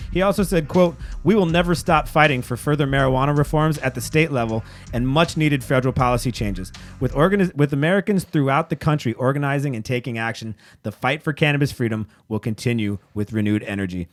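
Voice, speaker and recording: A man hosting a podcast, reading news aloud with angry, profane asides. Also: medium pitch. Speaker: podcast host.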